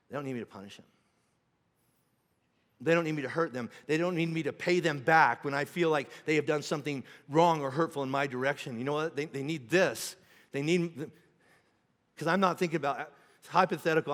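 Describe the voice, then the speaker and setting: A man's voice: on the high side, a bit bright, big-room sound. A middle-aged man preaching a sermon as pastor, in a conversational way, acting out quoted voices. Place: church auditorium.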